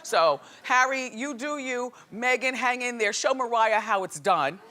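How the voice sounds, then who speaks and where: A woman hosting a talk show, delivering an animated, sassy celebrity gossip monologue. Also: on the high side, a little slow, very noisy.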